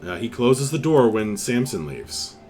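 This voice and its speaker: A man narrating as game master of a tabletop game, unhurried, with many pauses and restarts. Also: medium pitch, big pitch swings, music in the background. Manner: unhurried, lots of fillers and restarts.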